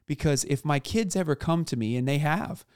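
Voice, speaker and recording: A man in his thirties co-hosting a casual faith podcast, talking earnestly and searchingly with halting restarts. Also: fairly high pitch, dry recording, studio quality. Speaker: podcast co-host.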